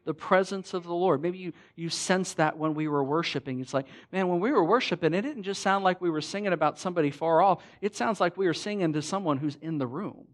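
A man preaching a sermon in a church, conversational and animated, acting out the lines of the people in his story. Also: sits high, a little fast, hardly any pauses. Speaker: pastor.

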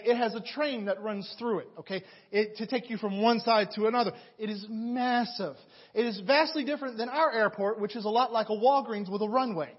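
A young man from Atlanta preaching a sermon, telling a story with animated, dramatic energy and many restarts. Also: sits high, breathy edge. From Atlanta, USA. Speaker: pastor. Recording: dull lo-fi recording.

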